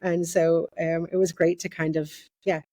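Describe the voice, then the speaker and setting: A woman's voice: on the low side, little pitch movement, moderate pace, dark tone, no echo. A woman in her sixties with a Liverpool accent, chatting as a podcast guest, full of fillers like "you know". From Liverpool, England. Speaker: podcast guest, interior designer. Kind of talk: casual interview chat.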